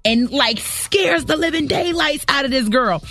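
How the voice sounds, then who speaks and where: A woman's voice: high voice, animated, measured pace, fairly bright tone, faint music behind. A woman hosting a morning radio show, chatting casually and emphatically, exclaiming as she tells a story. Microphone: studio microphone.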